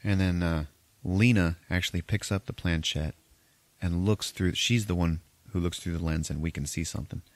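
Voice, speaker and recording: A man with a very deep voice, recorded close and dry with no room sound. He recaps a film in a loose, profane, rambling way, jumping into characters' lines as he tells it. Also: steady tone, normal speed, dry recording. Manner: profane, rambling retelling with acted-out quotes. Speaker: podcast host recapping a film. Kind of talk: casual movie recap chat.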